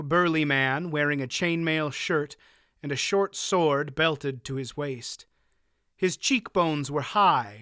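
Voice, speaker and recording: A man narrating a fantasy audiobook in a measured, even way. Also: a little high, no echo, studio quality. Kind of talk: scripted narration.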